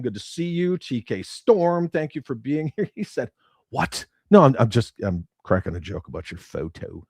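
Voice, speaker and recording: A man hosting a casual livestream, reading viewer comments aloud and reacting bluntly with lots of swearing, his voice swinging from loud outbursts to muttered asides. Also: medium pitch, big pitch swings, moderate pace, no room sound, clean studio sound. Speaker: livestream host.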